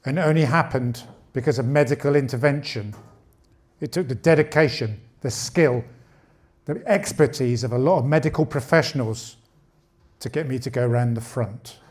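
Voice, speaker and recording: A man's voice: mid-range voice, moderate pace, a little mellow. A man in his late fifties doing a bawdy, conversational stand-up comedy set on a club stage, speaking into a handheld mic. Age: 50s. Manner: bawdy, conversational, punchy delivery.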